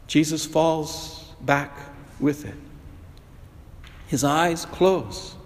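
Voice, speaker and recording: High-voiced guy giving a slow dramatic sermon, big echoey church sound. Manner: slow, theatrical, voicing inner temptations. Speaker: preacher. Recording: long hall reverb.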